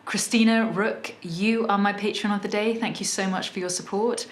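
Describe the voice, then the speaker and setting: A woman in her thirties with a southern English accent and a fairly low voice chats through a casual vlog. She talks thoughtfully and restarts her sentences here and there. The room gives her voice an echo, with a faint hiss behind it. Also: moderate pace, hardly any pauses. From south of England. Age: 30s. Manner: chatty, thoughtful, many small restarts. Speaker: musician vlogger.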